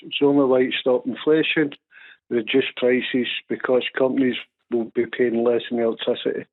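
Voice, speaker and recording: A man's voice: mid-range voice, level tone, normal speed. A man from Glasgow phoning in, firm and certain in his views. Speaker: caller. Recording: tinny phone line.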